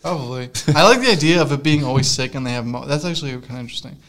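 A man's voice: mid-range voice, very fast, a bit bright. A young man co-hosting a casual comedy chat, giggly and rambling, often trailing off into mumbles. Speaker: podcast co-host.

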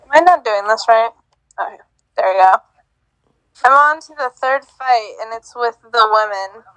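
A woman's voice: fairly high pitch, normal speed, a bit bright, dry recording, rough recording. A woman co-hosting a casual podcast, giggling and stumbling over hard names as she reads results. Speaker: co-host.

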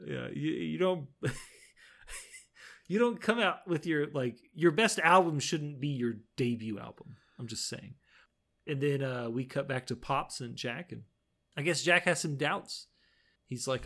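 A relaxed man with a gravelly edge to his voice talks through a show's episode in casual chat. He laughs easily and slips into quoting the characters along the way. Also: on the high side, normal speed. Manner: laid-back, laughs often, retells scenes with quoted lines. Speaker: podcast co-host recapping an episode.

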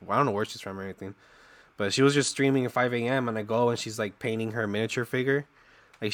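A man's voice: on the low side, a bit bright. A young adult man talking through a voice changer, chatting as a streamer guest in a laid-back, rambling way full of fillers. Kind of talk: casual interview chat.

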